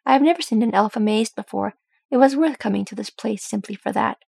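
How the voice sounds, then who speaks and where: A woman voicing an earnest noble soldier who speaks low and gravely. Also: fast talker, a little mellow, no room sound, clean studio sound, full character voice.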